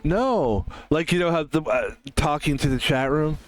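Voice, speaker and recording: A man's voice: a little high, expressive, moderate pace. A man streaming a game who talks casually to his audience. He rambles, swears often and drifts into jokey asides. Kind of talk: casual solo stream monologue.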